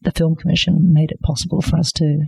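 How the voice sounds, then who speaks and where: A woman's voice: deep voice, little pitch movement, quick pace, vocal fry, mellow, slightly rough, no echo. A middle-aged woman guest chatting casually and telling stories with earthy slang on a podcast. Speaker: guest actress.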